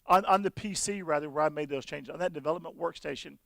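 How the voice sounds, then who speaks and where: A man presenting at a conference and demoing software, telling folksy stories with frequent restarts. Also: a little high, quick pace, vocal fry, dry recording. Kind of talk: conference talk with software demo.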